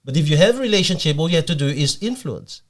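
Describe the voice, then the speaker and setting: A man's voice: on the high side, animated, quick pace. A man hosting a podcast interview, encouraging and complimentary toward his guest. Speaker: podcast host.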